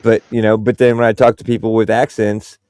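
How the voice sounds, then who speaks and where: A man's voice: fairly low pitch, little pitch movement, fairly quick, a little mellow, clear, resonant tone, no echo. A man from Central Ohio with a Midwestern accent, chatting casually with many fillers and restarts. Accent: Midwestern American. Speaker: podcast host. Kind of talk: casual chat.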